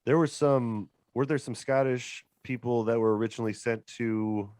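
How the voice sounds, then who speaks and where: A man's voice: medium pitch, fairly even intonation, normal speed, darkish tone, no echo, studio quality. A man hosting a podcast in casual group chat, with an American accent, rambling and hesitant with many fillers. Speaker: podcast host.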